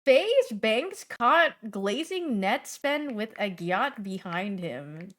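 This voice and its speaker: A young woman streams in a casual livestream chat, playful and talkative as she answers her viewers, lurching from loud outbursts to mumbled asides. Her voice sits a little high and sing-song, and she takes her time.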